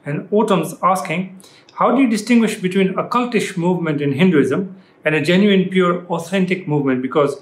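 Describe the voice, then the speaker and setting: A man's voice: high voice, moderate pace. Echoey man hosting a question show. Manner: conversational, reads out questions. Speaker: host reading viewer questions. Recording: echoey room.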